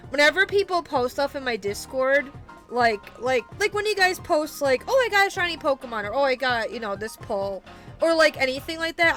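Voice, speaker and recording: A woman's voice: high voice, fairly bright tone. A young woman streaming a video game, chatting casually with her viewers in a rambling way full of fillers and restarts. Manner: rambling, many fillers and restarts, talks to chat. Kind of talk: casual live-stream chat while gaming.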